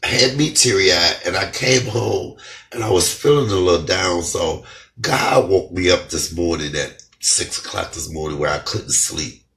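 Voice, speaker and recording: A middle-aged man speaking fervently in an emotional testimony vlog, a little hoarse from shouting and crying with joy, talking in his house. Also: low voice, a little slow. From United States. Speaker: comedian vlogger. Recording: echoey room, off-mic.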